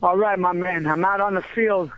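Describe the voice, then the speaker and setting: A man calling in by phone from outdoors on a sports field, talking in a brash, boastful, excitable way. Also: high-pitched, normal speed. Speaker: phone-in guest. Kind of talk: casual chat. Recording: tinny phone line.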